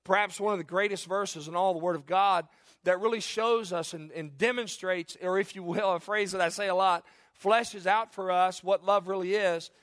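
A man's voice: high voice, steady tone, normal speed, fairly bright tone, dry recording. A man in his forties preaching an earnest, conversational sermon in a church, often restarting and repeating phrases. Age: 40s. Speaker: pastor.

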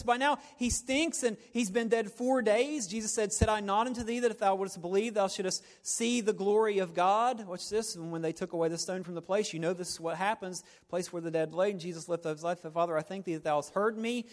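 Man, high voice, sermon, animated, hushed to loud, jokey asides. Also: a little fast, few pauses, big-room sound. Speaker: pastor.

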